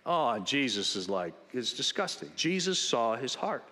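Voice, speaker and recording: A man preaching a sermon in church, telling Bible stories in an animated way and acting out the people in them. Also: mid-range voice, moderate pace, in a large hall. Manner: animated storytelling, acting out biblical characters. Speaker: pastor.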